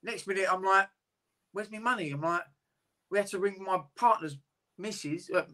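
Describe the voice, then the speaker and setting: Candid man, bright voice. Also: sits high, moderate pace. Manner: candid, rambling, swears freely. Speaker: interview guest, boxer. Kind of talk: casual interview chat.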